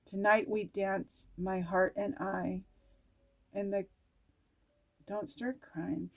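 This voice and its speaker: Slow, gushing woman reading oracle cards. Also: mid-range voice, a little mellow. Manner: gushing, exclamatory, laughing, often near tears. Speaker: oracle card reader.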